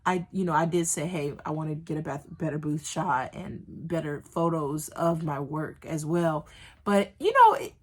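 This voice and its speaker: A woman's voice: deep voice, animated, normal speed, a little mellow, breathy edge. Chatty woman vlogging from the floor. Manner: chatty, rambling, with many fillers and restarts. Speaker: small business owner vlogging. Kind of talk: chatty vlog. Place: indoors, sitting on the floor.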